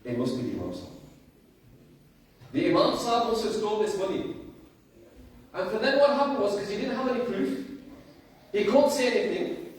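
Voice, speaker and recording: High-voiced man preaching in an echoey room. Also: a little fast, long pauses. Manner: rhetorical questions, repeats lines for emphasis. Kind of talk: storytelling sermon. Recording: echoey room, distant mic, faint noise.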